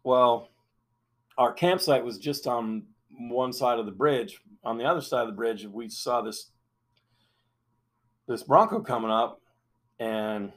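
A man's voice: medium pitch, fairly bright tone. A middle-aged man hosting a podcast, telling a long story in a rambling, casual way, full of fillers and restarts. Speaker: podcast host.

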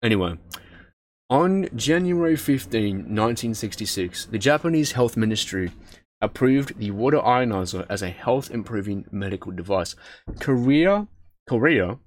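With a lowish, expressive voice at a normal pace, a man reads text aloud and keeps stumbling and correcting himself. He swears, laughs at himself, and drifts into chatty asides. There's a little hiss or hum on the recording.

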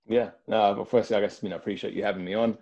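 Thoughtful London man, mellow low voice, speaking as a guest on a video call. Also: steady tone, rapid-fire, lo-fi sound. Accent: London English. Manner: reflective, earnest, thinks aloud. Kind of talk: casual video-call conversation.

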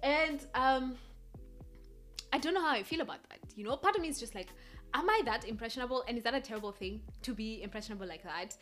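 A woman's voice: fairly high pitch, fast talker, a bit bright, soft background music. A young woman from Kenya with a Kenyan accent drifting American, hosting a casual solo podcast chat and hopping between thoughts with frequent laughs. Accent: Kenyan English drifting American. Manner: rambling, hops between thoughts, laughs often. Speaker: podcast host.

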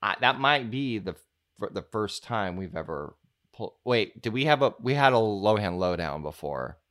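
A man co-hosting a casual movie podcast, musing out loud with plenty of fillers and playful asides. His voice sits a little low. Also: lively intonation, normal speed. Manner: rambling, many fillers, playful. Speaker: podcast co-host.

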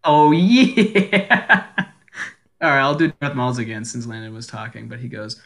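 Bright-voiced young man, giggly podcast host. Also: mid-range voice. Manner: laughs often, doing quick grunts and death-cry impressions. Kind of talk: casual podcast chat. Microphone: home microphone.

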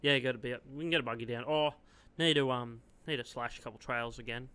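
A man's voice: mid-range voice, steady tone, fast talker, pushed and bright, clear, resonant tone. A man with an Australian accent, a guest in casual podcast chat, giving easygoing, brief answers. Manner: easygoing, short replies.

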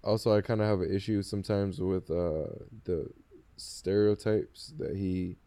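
A man's voice: low voice, steady tone, unhurried, mellow. A man in a casual podcast conversation, talking hesitantly with many restarts.

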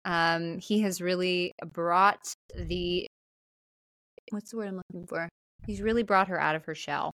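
A woman co-hosting a podcast, recapping a film in casual chat and acting out the characters' lines in higher voices. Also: unhurried, no echo. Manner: animated, acts out quotes in higher voices. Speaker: podcast co-host.

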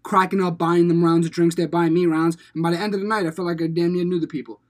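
A talkative, blunt man co-hosting a casual podcast chat, loud and quick to swear. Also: a little high, little pitch movement. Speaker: podcast co-host.

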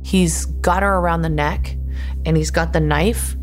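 A woman's voice: lowish voice, fairly even intonation, a little slow, soft background music. A woman who survived an attack, telling her story in urgent present tense. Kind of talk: recounted personal testimony.

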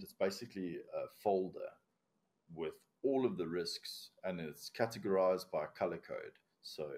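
A man's voice: low-pitched, darkish tone. A male commercial diver in a casual podcast interview, with a non-native accent, explaining procedures step by step in a blunt way and swearing casually. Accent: non-native English accent.

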